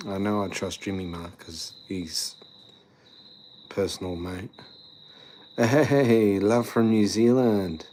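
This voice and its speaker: A man's voice: fairly low pitch, darkish tone, a little hiss or hum. A tired young man, chatting casually on a live stream, rambling with lots of fillers as he reads and answers chat. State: tired after the gym.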